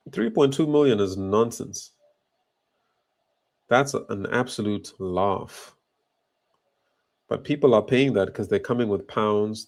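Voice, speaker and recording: A man giving indignant, emphatic reaction commentary. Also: lowish voice.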